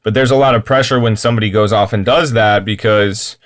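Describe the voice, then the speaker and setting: Low-voiced, effusive podcast host, a man. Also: brisk. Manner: effusive, rambling praise with fillers. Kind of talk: casual interview chat.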